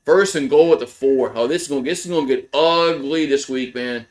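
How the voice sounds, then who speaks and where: A man hosting live fan play-by-play commentary, excitable and profane, swinging from grumbling asides to shouted calls on big plays. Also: medium pitch, brisk.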